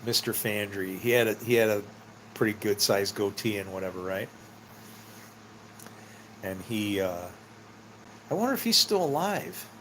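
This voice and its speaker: A man's voice: on the low side, expressive, normal speed, long pauses, fairly bright tone, slight background noise. A middle-aged man telling rambling personal stories in a casual, meandering way, laughing often and swearing freely. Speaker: vlogger.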